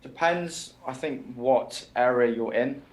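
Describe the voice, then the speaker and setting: A young man with a British accent, a music student guest, giving his view in a measured way with hesitant restarts. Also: medium pitch. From Britain. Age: young adult. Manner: measured, thinking aloud with hesitations. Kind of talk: casual chat. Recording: roomy echo.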